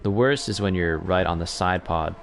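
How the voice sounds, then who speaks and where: Chatty low-voiced male race commentator. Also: measured pace, gravelly, faint music behind. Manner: chatty, self-correcting, gets excited during battles. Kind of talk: sim racing commentary.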